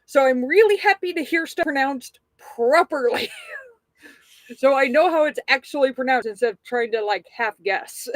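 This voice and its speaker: High-voiced Texan woman, chatty. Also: moderate pace, no room sound. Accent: light Texas. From Texas. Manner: chatty, laughs a lot, self-deprecating. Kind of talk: casual chat.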